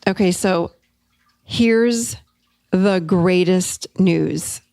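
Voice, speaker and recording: A middle-aged woman hosting a podcast, telling a coaching story in an upbeat, animated way. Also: lowish voice, extremely slow, dry recording. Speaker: podcast host and therapist. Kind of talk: solo teaching talk.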